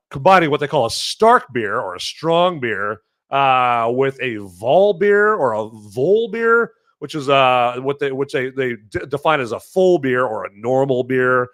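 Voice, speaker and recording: This man hosts a beer-review podcast, chatting casually and rambling in a jokey way full of fillers and self-corrections. His voice sits at medium pitch with a fairly bright tone, expressive delivery and a moderate pace.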